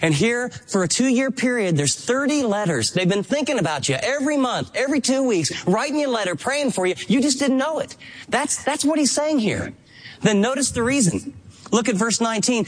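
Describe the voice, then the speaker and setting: Male pastor, higher-pitched voice, earnest and emphatic sermon delivery. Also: very animated, moderate pace. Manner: earnest, emphatic preaching with acted-out quotes.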